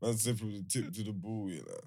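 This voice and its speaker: A man's voice: fairly low pitch, big pitch swings, quick pace, creaky, dark tone. A young man, teasing and joking in slangy casual banter.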